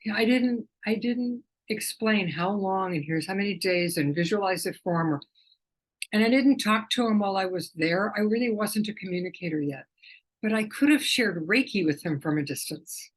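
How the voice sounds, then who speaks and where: Gentle husky woman telling a story. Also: mid-range voice, expressive, moderate pace, rough recording. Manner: gentle, rambling, emotional storytelling. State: tearful at times. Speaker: animal communicator. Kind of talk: personal storytelling to camera.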